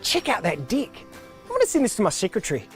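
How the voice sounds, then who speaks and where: Here is a man playing a straight-faced pitchman with a New Zealand accent, selling deck sealant in an earnest commercial delivery. His pitch lifts and falls through a lively, animated range. Faint music plays underneath. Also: fast. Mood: deadpan earnest.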